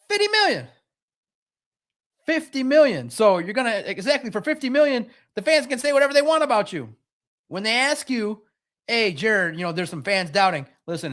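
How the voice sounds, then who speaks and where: Brief: man with a high voice, sports podcast host, lively and joking. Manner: animated, mocking impressions of others. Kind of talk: casual sports talk.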